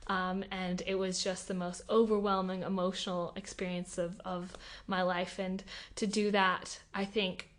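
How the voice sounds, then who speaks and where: A young Australian woman, a podcast guest, telling her story in an animated, emotional way with lots of fillers. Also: fairly low pitch, a little slow. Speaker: podcast guest, Olympic athlete. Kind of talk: casual interview conversation.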